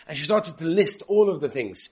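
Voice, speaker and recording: Animated male lecturer. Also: a little high, normal speed. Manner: animated storytelling, acting out quoted voices. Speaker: yeshiva lecturer. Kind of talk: Torah lecture to students.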